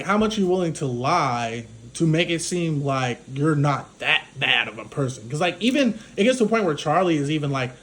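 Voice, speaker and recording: A man with a fairly high voice recaps a film in loose, casual talk. He rambles and leans heavily on fillers as he retells the story. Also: a bit bright. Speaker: film reviewer. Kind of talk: casual spoken movie recap.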